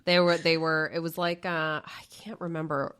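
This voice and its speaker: A woman co-hosting a podcast, telling stories in a chatty, animated way. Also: low voice, moderate pace, smooth. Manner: chatty, animated storytelling, frequent fillers and swearing. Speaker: podcast co-host. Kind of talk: casual chat.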